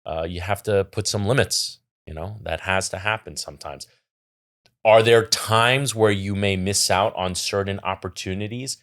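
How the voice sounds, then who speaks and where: A man's voice: lowish voice, normal speed, a bit bright. A middle-aged man co-hosting a casual podcast, giving earnest advice and reading out viewer questions. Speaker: podcast co-host. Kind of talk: casual chat.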